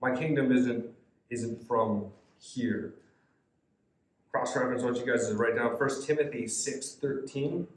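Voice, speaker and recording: A man's voice: mid-range voice, measured pace. A man leading a youth Bible study, reading scripture aloud and explaining it in a conversational way. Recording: echoey room.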